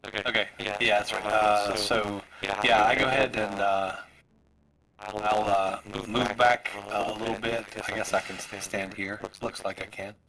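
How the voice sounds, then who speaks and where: A man's voice: fairly low pitch, flat delivery, unhurried, a crowd in the background, rough recording. A man playing a tabletop game, describing his moves hesitantly with many fillers. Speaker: player.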